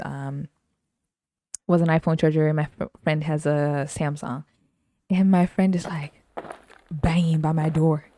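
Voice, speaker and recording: Young woman podcast host, low mellow voice, laughs a lot, acts out stories, dry close mic. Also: dry recording. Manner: laughs often, animated retelling with quoted voices. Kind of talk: casual solo storytelling.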